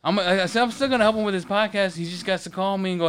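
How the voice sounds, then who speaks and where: Racing along in a smooth, high-sitting voice, this podcast co-host spins a profanity-heavy work anecdote in a lively, casual way. The recording comes from a studio podcast mic.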